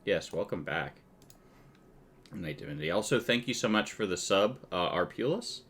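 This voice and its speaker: A man running a tabletop game as game master, chatty and loose in his narration and quick to laugh. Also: deep voice, lively intonation, a bit bright.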